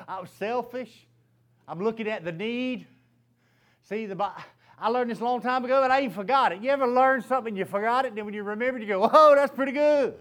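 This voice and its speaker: A preacher with a notably high voice delivers his sermon as a lively story. He often breaks into laughter mid-sentence as he talks to the congregation. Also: brisk. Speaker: pastor.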